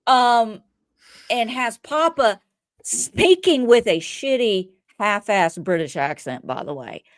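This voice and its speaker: A woman on a casual podcast with a voice pitched a little above the usual. She retells a show in a loose, swearing, animated ramble, full of asides. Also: takes it slowly. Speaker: podcast co-host. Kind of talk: casual TV recap chat.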